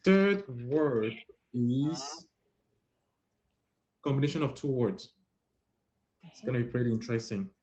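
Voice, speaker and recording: This live-stream host, a man, has a mid-range, expressive, slightly mellow voice and speaks unhurriedly with long pauses. He runs a playful French pronunciation quiz, teasing players as he calls on them. The dull, lo-fi live-stream app audio has slight background noise.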